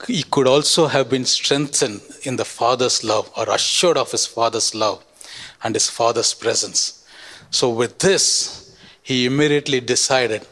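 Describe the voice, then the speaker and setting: A man's voice: mid-range voice, measured pace, a bit bright, big-room sound. A man preaching a sermon, teaching with repeated points and frequent checks of "right?".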